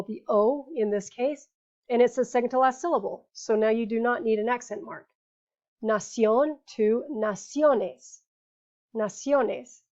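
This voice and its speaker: A woman teaching a grammar lesson, patiently explaining rules and saying each example word slowly before repeating it. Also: fairly high pitch, a little mellow. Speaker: Spanish teacher. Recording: dull lo-fi recording.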